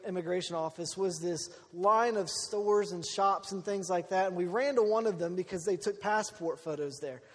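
A man telling a personal story in a sermon, acting out the people he quotes in an animated way. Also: high voice. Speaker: preacher. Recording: long hall reverb.

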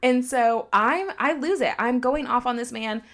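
A woman telling a story on a casual podcast, animated and quoting others in her own voice. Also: on the high side, normal speed. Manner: animated, heavy use of "like", quotes people in her own voice.

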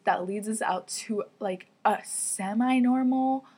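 A woman's voice: medium pitch, slow pace, darkish tone, slightly rough. A young woman hosting a podcast, telling a story in a chatty way, full of fillers and laughs. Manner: chatty, giggly, lots of "like" fillers. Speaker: podcast host. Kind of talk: casual storytelling.

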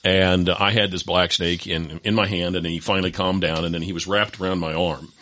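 A man's voice: sits low, brisk. A man telling a childhood story as a guest, acting out the voices of the people in it. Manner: lively, acts out voices in his stories. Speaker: distillery co-founder guest. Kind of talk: animated storytelling.

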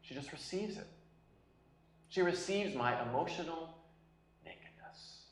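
A man in his forties preaching a sermon as a pastor, telling personal stories earnestly, at times loud and at times hushed. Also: a little high, lively intonation, measured pace. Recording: echoey room.

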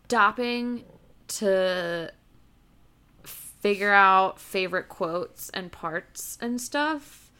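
A woman's voice: medium pitch, pushed and bright, clean tone. A young woman co-hosting a podcast, talking casually and hesitantly about a book, with many restarts. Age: young adult. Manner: hesitant, restarts, quick asides. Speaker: podcast co-host.

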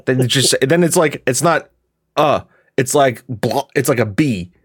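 A man co-hosting a podcast in casual chat, rambling with many restarts and quick asides. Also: mid-range voice, lively intonation, breathy edge, dry recording, studio quality. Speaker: podcast co-host and gaming video creator.

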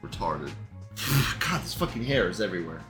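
Sarcastic, lively-voiced male commentator. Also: fairly low pitch, moderate pace, music in the background. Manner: sarcastic, profane, laughs often. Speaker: live show host. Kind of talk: casual commentary monologue.

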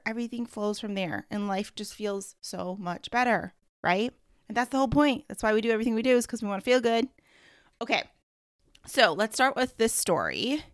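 A woman's voice: on the high side, no echo, studio quality. A woman hosting a motivational podcast, upbeat and coaching, talking casually. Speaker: podcast host.

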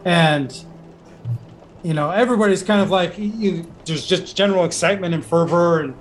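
A man's voice: sits high, normal speed, a little hiss or hum. A man running a tabletop game as game master, narrating in a rambling way with many fillers.

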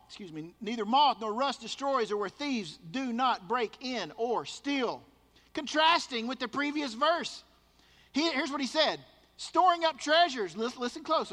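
A male pastor delivers a sermon in a very high, bright voice. He is emphatic and drives his points home by repeating words. His voice carries a long reverb, as in a large hall.

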